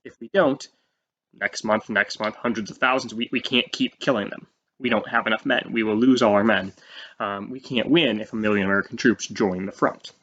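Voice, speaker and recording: A man teaching a history lesson in a casual, animated way, often saying "um" and acting out quotes. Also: fairly low pitch, moderate pace. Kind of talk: explaining a history lecture. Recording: slightly dull lo-fi audio.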